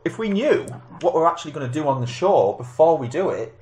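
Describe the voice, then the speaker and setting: A man with a North East English accent, co-hosting a movie podcast in quick, jokey banter. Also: on the high side, very animated, darkish tone, a little hiss or hum. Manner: quick, jokey, talks over others. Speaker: podcast co-host. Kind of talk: casual chat. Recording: echoey room with music behind.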